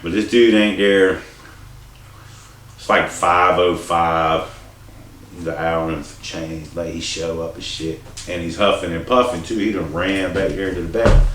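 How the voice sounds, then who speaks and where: Man telling a rambling profane story, low voice, echoey room, distant mic, faint hiss. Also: measured pace, a bit bright. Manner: rambling and profane, with many restarts and asides. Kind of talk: casual storytelling.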